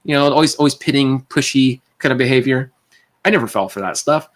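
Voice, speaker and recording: A man on a livestream casually telling a personal story, rambling and animated, with restarts and tangents. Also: mid-range voice, a little fast.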